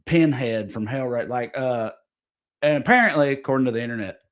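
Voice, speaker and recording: A man's voice: medium pitch, fairly quick. A man co-hosting a comedy podcast, explaining things in a rambling, profane, casual way. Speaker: podcast co-host.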